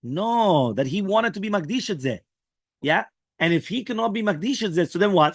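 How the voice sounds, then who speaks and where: A male rabbi giving a daily Talmud lesson, animated and acting out the characters' lines as he explains. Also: sits high, brisk, no room sound, clean studio sound.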